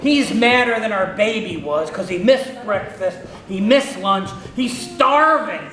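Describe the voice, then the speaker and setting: A man's voice: high-pitched, lively intonation, unhurried, a bit bright. A man telling a story to children in a playful manner, asking his listeners questions, heard in an echoey room with listeners around.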